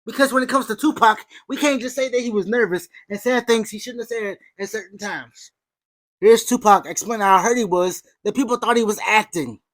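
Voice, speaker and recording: A woman's voice: fairly high pitch, brisk, no echo. A woman hosting an opinionated commentary video, talking with sarcasm and sudden emphatic outbursts. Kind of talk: opinionated commentary over clips.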